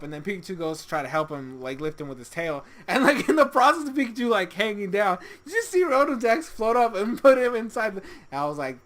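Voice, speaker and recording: A young adult reviewing an anime episode in casual solo commentary, excitable, swearing often and laughing a lot. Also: medium pitch, quick pace.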